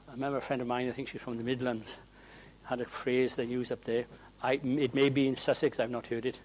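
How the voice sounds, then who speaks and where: A man preaching a sermon in a church, swinging from hushed asides to loud, ringing proclamations. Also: medium pitch, animated, fast, a little hiss or hum, low-quality recording.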